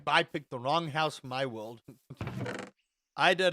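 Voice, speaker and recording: A young man chats to his live-stream viewers while gaming. His voice sits a little high for a man. He rambles, restarts sentences, repeats words and drops in the odd swear. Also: unhurried, long pauses, sharp tone.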